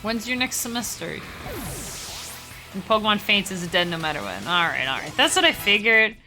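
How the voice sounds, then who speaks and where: A woman's voice: medium pitch, very animated, sharp tone, faint music behind. A young woman streaming a game live, chatting casually with her viewers and laughing easily. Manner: chatty, talks to chat, quick laughs. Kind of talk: casual live-stream chat while gaming.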